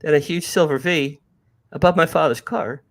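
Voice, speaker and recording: A man's voice: fairly high pitch, moderate pace, fairly bright tone. A man in his sixties from New Jersey, an author guest telling a story animatedly, often restarting and repeating words. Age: 60s. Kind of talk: casual storytelling.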